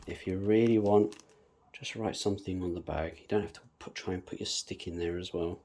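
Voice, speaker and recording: A man with a mellow, soft-edged voice talks viewers through a hands-on planting tutorial in a casual, chatty way. He hums little nonsense syllables as he works. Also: fairly low pitch, moderate pace, slight background noise. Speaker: bonsai planting demonstrator.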